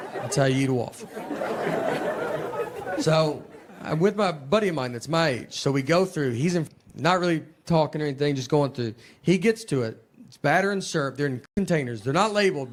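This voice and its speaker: A man, doing a slow, deadpan stand-up comedy set on a theater stage. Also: fairly high pitch, a little hiss or hum. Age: 40s. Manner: slow deadpan storytelling, drawn-out pauses. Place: large theater with a live audience. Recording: live stage recording with loud crowd. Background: loud audience laughter.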